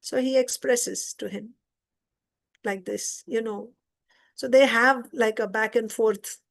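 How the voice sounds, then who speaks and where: High pitched lady teaching scripture class, chatty storytelling, stops to explain stuff. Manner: retells the story conversationally, stopping to explain. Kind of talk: informal scripture class lecture.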